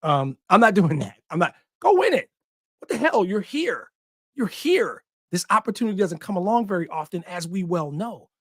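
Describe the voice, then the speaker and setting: A man hosts a sports podcast with passion, speaking emphatically, repeating short punchy lines, and cursing now and then. His voice is high-pitched and fairly bright with big pitch swings and a brisk pace, captured in a dry, studio-quality recording.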